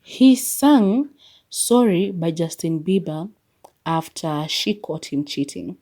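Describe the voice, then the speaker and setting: A woman's voice: fairly low pitch, lively intonation, slow, warm tone. A young woman hosting her own podcast, chatting casually and animatedly, laughing often and slipping between English and Swahili. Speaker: podcast host. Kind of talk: casual solo podcast chat.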